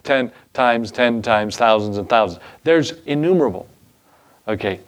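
A man's voice: mid-range voice, animated, normal speed. A male pastor preaching a sermon in a casual, folksy way, with asides and chuckles.

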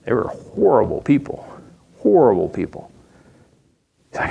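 A man's voice: lowish voice, huge pitch swings, moderate pace, gravelly, long pauses, dark tone, breathy edge. A man preaching a sermon in a folksy, humorous, conversational storytelling way.

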